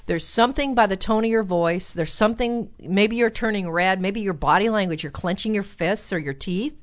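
A woman's voice: medium pitch, moderate pace. A woman hosting a call-in advice show, coaching a caller and suggesting what he could say.

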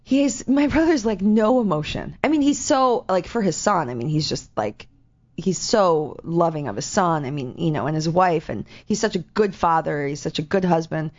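A woman chatting casually in an animated, rambling way, often laughing as she talks. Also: on the low side, moderate pace. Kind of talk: casual chat. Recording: dull lo-fi sound.

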